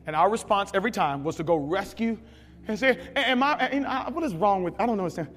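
A man preaching a sermon, telling stories with big shouts and sound effects. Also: high voice, fast, big-room sound, slight background noise. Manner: animated storytelling, shouting at peaks, sound effects. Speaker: pastor.

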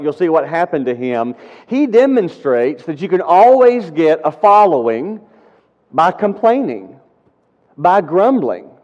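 A man's voice: sits high, a little mellow. Earnest male pastor in a reverberant church. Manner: earnest, rising and falling for emphasis. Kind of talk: sermon. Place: church sanctuary. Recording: dull sound, long hall reverb.

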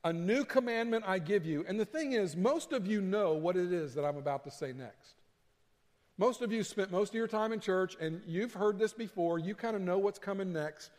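Man, pastor, conversational sermon, high voice, emphatic, long hall reverb. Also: lively intonation, moderate pace, darkish tone.

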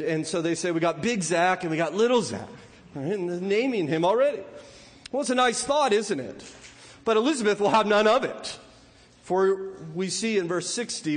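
A man's voice: high-pitched, big-room sound. A man preaching a sermon in a conversational way, often repeating words and playfully acting out the voices of people in the story. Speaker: pastor.

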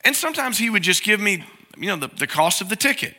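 Middle-aged male pastor, conversational sermon, bright voice that sits high for a man. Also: big pitch swings, fast. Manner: conversational preaching, acts out quoted prayers in a soft low voice.

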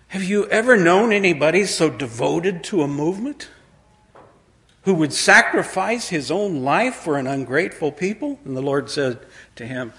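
A man delivers a sermon with a slightly high voice. He tells the story in a homely, conversational way. When quoting, his voice sinks lower and quieter. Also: lively intonation, measured pace. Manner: folksy storytelling, dropping to a low quiet voice for quoted lines. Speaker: preacher.

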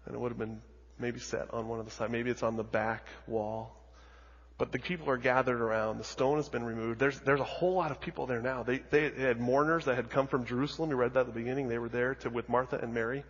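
A husky-voiced male pastor preaching in a church, repeating phrases for emphasis and swinging from near-whispers to loud calls. His voice carries a long hall reverb. The audio is somewhat dull. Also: medium pitch, fairly even intonation, fast talker. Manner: dramatic storytelling with heavy repetition, swinging from hushed to loud. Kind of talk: sermon.

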